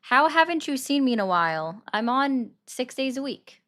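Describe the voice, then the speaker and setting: Her voice sits high and swings widely in pitch, fairly bright, at a moderate pace. This young woman runs a relaxed political commentary livestream, chatting with her audience, responding to comments and taking calls.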